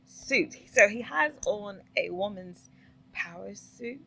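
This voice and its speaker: A woman's voice: mid-range voice, animated, slow pace, creaky, bright, forceful tone, husky, rough recording. A middle-aged woman giving casual, opinionated reaction commentary, laughing and asking rhetorical questions. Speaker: commentary vlogger.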